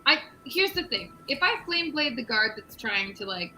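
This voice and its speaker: A woman's voice: on the high side, big pitch swings, normal speed, sharp tone, slight background noise, rough recording. A woman playing in a tabletop role-playing game, playful and thinking aloud about her moves. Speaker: player.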